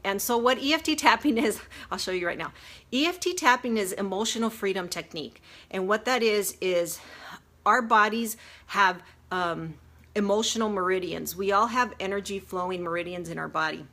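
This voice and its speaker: A woman's voice: medium pitch, moderate pace, a bit bright. A woman giving an earnest, chatty self-help talk on a livestream, with lots of fillers and restarts as she explains step by step. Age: adult with a grown daughter. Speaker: life coach. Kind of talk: casual teaching from a livestream. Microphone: phone or webcam livestream.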